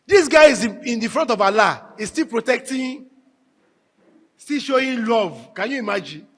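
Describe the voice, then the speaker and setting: A man giving a marriage workshop talk to a live audience, telling stories with animated, emphatic repetition. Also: very high voice, moderate pace. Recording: echoey hall with long reverb.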